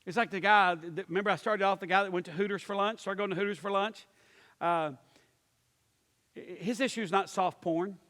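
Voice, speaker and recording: Pastor guy teaching a class, high voice, lots of uh and restarts, does the voices in his stories, echoey hall. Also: steady tone, normal speed, fairly bright tone. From Pittsburgh area. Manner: storytelling, acts out voices, many restarts and fillers. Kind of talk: teaching talk to a church class. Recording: long hall reverb.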